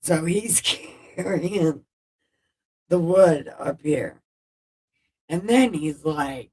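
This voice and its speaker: Irreverent woman host paraphrasing scripture, slow and low, a bit off-mic. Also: mellow, breathy edge, far from the mic, low-quality recording. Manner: irreverent, swears, loose paraphrase. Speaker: Bible-reading video host. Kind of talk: casual Bible retelling with commentary.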